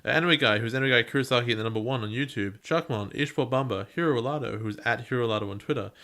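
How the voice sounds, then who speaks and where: Bright-voiced playful man. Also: medium pitch, rapid-fire. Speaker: podcast co-host. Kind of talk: casual podcast chat.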